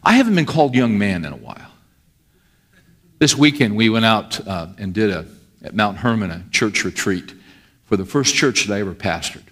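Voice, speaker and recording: A man's voice: fairly low pitch, very animated, normal speed, a bit bright. A middle-aged male pastor preaching a sermon in a conversational way, often asking his listeners questions. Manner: conversational, asks the congregation questions.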